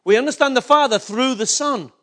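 A pastor preaching to his congregation in a strikingly high voice for a man. He keeps asking his listeners questions and leans hard into his key points, sometimes rising almost to a shout. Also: fairly quick. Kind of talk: sermon.

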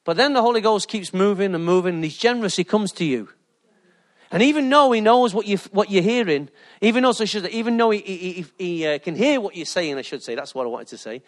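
High-voiced pastor, jokey. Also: male voice, fairly quick. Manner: jokey, animated storytelling with laughter. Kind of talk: lively sermon with anecdotes.

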